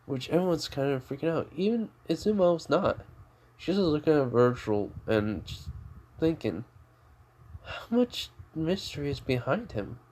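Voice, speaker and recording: A man's voice: fairly high pitch, expressive, unhurried, darkish tone. A man tells a fan-made story off the cuff. He rambles, leans on filler words and often restarts his sentences. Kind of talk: casual improvised storytelling.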